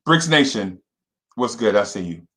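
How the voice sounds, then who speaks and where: A young man hosting a casual fan livestream, repeating himself and shouting out viewers by name. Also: on the low side, lively intonation, measured pace.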